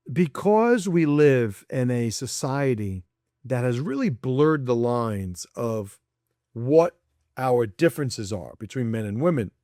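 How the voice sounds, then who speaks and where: A man's voice: medium pitch, darkish tone, no echo, studio quality. A man speaking as a podcast guest in a casual chat, blunt and profane, laughing between points and acting out people he quotes.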